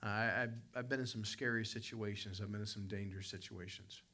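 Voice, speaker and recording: Male pastor preaching in church, very forceful bright tone, emphatic, big swings from loud peaks to low asides. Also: steady tone, fairly quick. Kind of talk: preaching a sermon. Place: church service with congregation responding.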